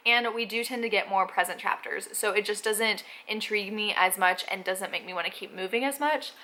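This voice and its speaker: A woman's voice: mid-range voice, fairly quick, pushed and bright, slight background noise. A young woman chatting casually to camera in a reading vlog, talking through her books with frequent "like" and "um". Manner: chatty, many "like" and "um" fillers. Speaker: book vlogger.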